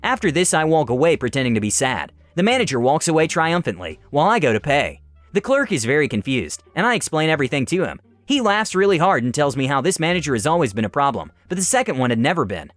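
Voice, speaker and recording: A male narrator telling stories with a very animated, swooping delivery. His voice is slightly higher than average. It is a dry, close recording with faint music underneath. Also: fast talker, no echo. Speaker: story narrator. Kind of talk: storytelling narration.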